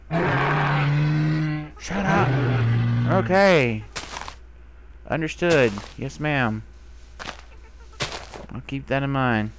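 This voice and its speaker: Excitable young man talking to game animals. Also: mid-range voice, background noise. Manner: talks to animals, excitable, squeals when delighted. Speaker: gamer. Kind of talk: casual let's play commentary.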